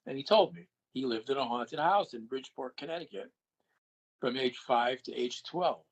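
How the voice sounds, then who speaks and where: Husky older man telling a story. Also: medium pitch, normal speed, low-quality recording. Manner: animated storyteller who acts out quoted dialogue. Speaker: guest. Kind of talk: recounting a personal anecdote.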